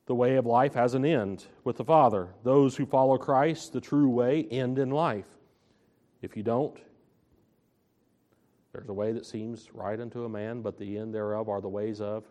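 A man preaching a sermon, slow and emphatic, stressing and repeating his key phrases. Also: medium pitch, fairly even intonation, dark tone.

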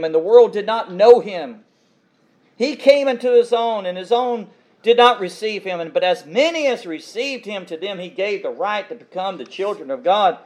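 A man's voice: high-pitched, darkish tone. A man preaching an expository sermon, reading scripture verses aloud and then explaining them with emphatic repetition.

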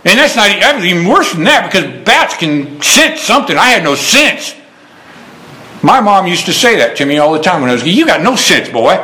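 Folksy preacher with an echoey bright voice. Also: male voice, high-pitched, very animated, brisk. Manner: folksy preaching with Bible quotations and stories. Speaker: pastor. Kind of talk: sermon.

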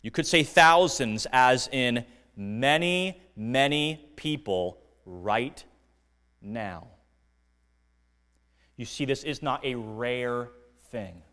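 A man preaching a sermon as pastor, earnest and deliberate, dropping to quiet lines and rising to emphatic ones. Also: mid-range voice, lively intonation, smooth, big-room sound. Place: church sanctuary.

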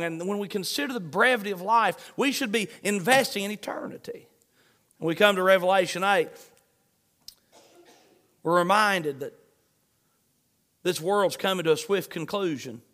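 A man's voice: high voice, normal speed, long pauses, sharp tone. A male pastor preaching an online sermon in an earnest, emphatic way, repeating his refrains.

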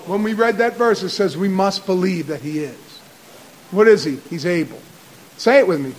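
A male pastor preaching a midweek sermon. He rattles off scripture references and builds to loud, repeated declarations. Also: high-pitched, rough recording. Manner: cites verses rapidly, builds to shouted repetition. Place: church.

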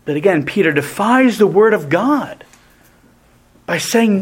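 A man preaching a sermon in a deliberate, emphatic way, often restarting his phrases. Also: high-pitched, expressive, breathy edge.

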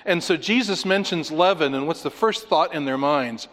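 A man preaching an expository sermon, animated, acting out the voices of the people he talks about. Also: fairly high pitch, normal speed, few pauses, long reverb tail. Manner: animated, acts out voices of the disciples. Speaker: pastor.

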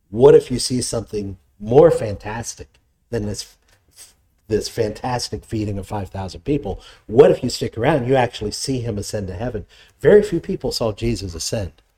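A man's voice: on the low side, warm tone. A middle-aged male pastor preaching a sermon, reading scripture aloud and explaining it with conversational asides.

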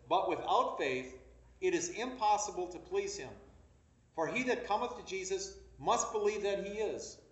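A high-pitched man delivers a sermon, reading verses and pressing his points with rising emphasis. He is recorded from a distance, and the room around him echoes. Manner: preaching with rising emphasis, reading scripture aloud. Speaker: preacher. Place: room with a congregation.

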